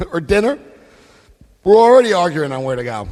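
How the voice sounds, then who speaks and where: Speaking at normal speed in a high, slightly mellow voice with big pitch swings, a man from Florida, US, leads a recovery convention audience page by page through a book. His delivery is emphatic and direct, punctuated by check-ins like "Okay?" The recording has the long reverb of a large live hall.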